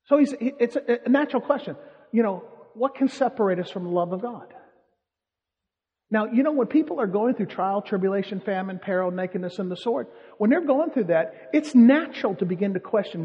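A man's voice: sits high, animated, normal speed. A man preaching a sermon, telling stories and repeating his points for emphasis. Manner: storytelling, emphatic repetition. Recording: muffled hall reverb.

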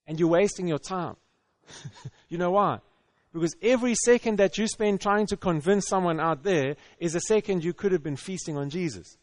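A man preaching a sermon in a relaxed, conversational way, acting out the voices of the people in his story and often chuckling. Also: fairly high pitch, normal speed, no room sound, clean studio sound, long reverb tail.

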